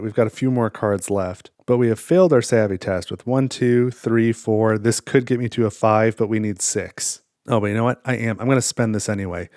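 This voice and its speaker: A man's voice: fairly low pitch, darkish tone, no echo, clean studio sound. Man thinking aloud through a board game. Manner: thinking aloud, easygoing, counting cards. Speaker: solo board game player. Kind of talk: casual playthrough commentary.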